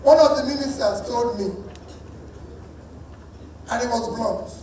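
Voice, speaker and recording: A man's voice: very high-pitched, unhurried, a little mellow, slight background noise. A man with a Nigerian accent giving an emphatic political speech at a dinner event, repeating key lines for force. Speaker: political speaker. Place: large dinner event hall. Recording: echoey hall, voice from far off.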